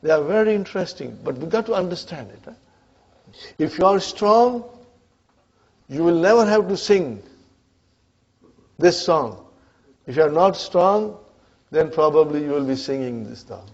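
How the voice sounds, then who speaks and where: Guy teaching arabic grammar to a class, kinda high voice, keeps asking huh? are you with me?, dull lo-fi recording. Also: expressive, unhurried, long pauses. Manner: checks in with students, frequent "huh?". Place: classroom with students.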